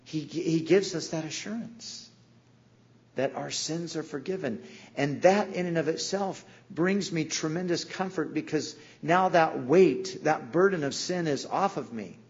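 A man's voice: fairly high pitch, a little slow, breathy edge, highs cut off. A man preaching a sermon in an earnest way, sometimes acting out the voices in the stories he tells. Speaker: pastor.

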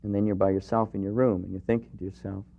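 A man preaching a sermon in an earnest way, rising to emphatic questions and dropping to quiet, personal moments. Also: lowish voice, flat delivery, fast, creaky. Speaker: pastor. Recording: dull lo-fi recording.

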